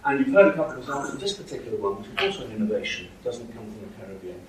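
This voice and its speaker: A man's voice: lowish voice, sing-song, very fast. Man lecturing in an echoey hall. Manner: explanatory, checks in with "okay?" and "right?". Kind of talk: university lecture. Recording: echoey hall from far off, faint noise.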